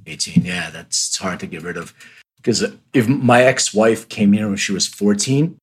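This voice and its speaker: Husky man with a Philly accent. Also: on the low side. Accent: Philadelphia. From Lithuania. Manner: friendly, chatty, halting restarts. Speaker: podcast host. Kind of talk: casual interview chat.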